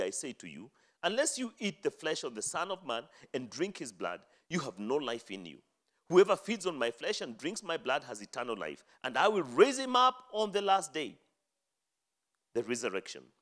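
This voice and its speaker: A man preaching a sermon, reading scripture aloud and explaining it, rising to loud emphatic phrases and dropping to low, quiet endings. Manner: dramatic swings from loud high emphasis to low hushed endings.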